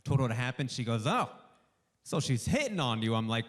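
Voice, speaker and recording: A male stand-up comedian doing a warm-up set for a studio audience, delivering punchy jokes and acting out bits of dialogue. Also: mid-range voice, very animated, moderate pace, slight background noise. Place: live comedy show before a studio audience.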